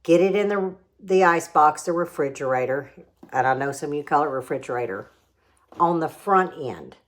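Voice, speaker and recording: A woman's voice: deep voice, expressive, normal speed. A middle-aged woman, hosting a casual home cooking demo with chatty, homey explanations and tasting.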